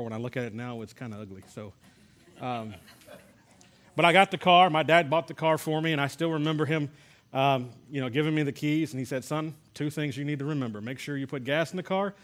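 A man preaching to a class, telling personal stories and asking rhetorical questions in a conversational way. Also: mid-range voice. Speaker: pastor teaching a healing class. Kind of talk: sermon.

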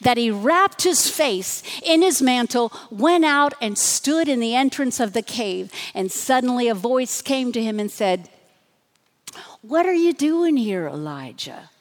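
A woman pastor giving a dramatic sermon, dropping to hushed tones and rising to emphatic bursts. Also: on the high side, animated, unhurried, in a large hall.

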